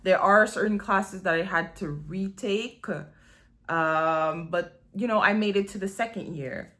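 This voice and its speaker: A woman's voice: mid-range voice, measured pace, fairly bright tone. A woman, telling her own story in a candid, rambling vlog, swearing freely and filling her talk with "like". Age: 20s. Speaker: vlogger. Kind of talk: casual confessional storytelling.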